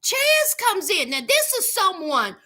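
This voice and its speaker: A woman's voice: extremely high pitch, wildly swooping pitch, a little slow, bright, forceful tone. A woman hosting a comedic reality show recap, sassy and chatty, talking straight to her viewers.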